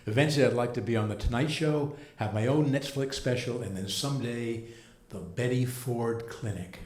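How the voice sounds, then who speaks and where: Older man doing deadpan stand-up in a roomy club. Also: medium pitch, moderate pace, a little hiss or hum. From United States. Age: 70s. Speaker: stand-up comedian and rabbi. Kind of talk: stand-up comedy set. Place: comedy club stage. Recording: roomy live club sound.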